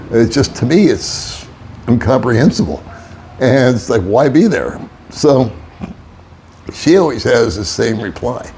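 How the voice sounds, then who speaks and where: A man's voice: medium pitch, gravelly, darkish tone, a little hiss or hum. An older man, an expat vlogger, telling a rambling, wry story in casual monologue and chuckling often. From United States.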